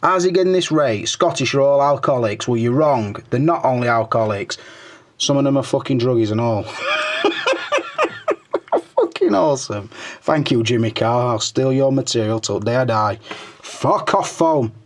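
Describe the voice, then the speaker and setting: This middle-aged man, who hosts his own toy review channel, reads viewer comments aloud in a relaxed chat, his mid-range voice expressive and his speed normal. Expect crude humor, plenty of swearing and muttering under his breath as he scrolls.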